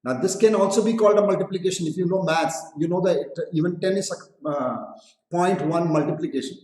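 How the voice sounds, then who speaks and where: A man's voice: high-pitched, brisk, darkish tone. A man with an Indian English accent teaching a live online English lesson, explaining patiently, repeating phrases, asking students questions and slipping into Hindi. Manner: addresses students directly with questions. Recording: echoey room.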